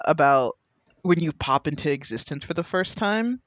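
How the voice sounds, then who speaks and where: A young man chats casually as a podcast co-host, his voice sitting a little high. He tells stories in an animated way. The sound is dry and close. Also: moderate pace, dry recording. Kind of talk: casual chat.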